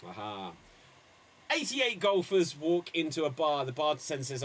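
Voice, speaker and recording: A man hosting an improv comedy show, calling on players and delivering pun jokes with a dry pause. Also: on the high side, sing-song, fairly bright tone. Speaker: improv game host.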